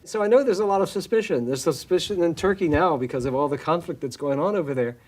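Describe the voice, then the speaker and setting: Minister type, male, slightly high voice, thoughtful, stop-start delivery full of restarts. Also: darkish tone. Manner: halting, frequent restarts and fillers. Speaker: church minister. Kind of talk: reflective interview answer.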